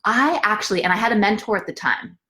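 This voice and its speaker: A woman's voice: medium pitch, fast talker, fairly bright tone. A woman coach hosting a live motivational session and telling a personal story, earnest and repeating phrases for emphasis. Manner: greets viewers by name.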